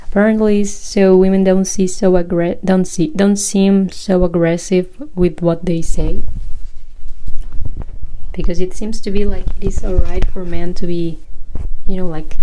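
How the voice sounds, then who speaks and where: A woman's voice: medium pitch, fairly even intonation, measured pace, warm tone, slight background noise, rough recording. A young woman hosting a solo podcast, chatting casually and rambling, laughing often and restarting her sentences. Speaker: podcast host.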